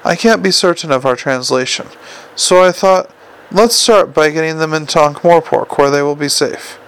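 A brisk, unflappable woman, as a male reader puts her on. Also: fairly high pitch, clear, resonant tone, low-quality recording. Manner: brisk, calm and matter-of-fact. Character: brisk, stubborn, sharp-tongued adult woman. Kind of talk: audiobook character voice.

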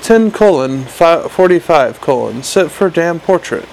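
A man voicing a small male imp living in a pocket gadget, talking fast and pleading eagerly. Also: a little high, lively intonation, gravelly, darkish tone, slight background noise, poor audio.

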